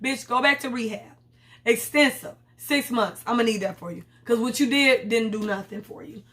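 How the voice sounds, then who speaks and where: A woman's voice: on the high side, normal speed. A woman recapping a TV episode in casual, profane chat, bluntly retelling scenes in her own words and voices. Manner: blunt, profane, animated storytelling with quoted voices. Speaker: TV recap host.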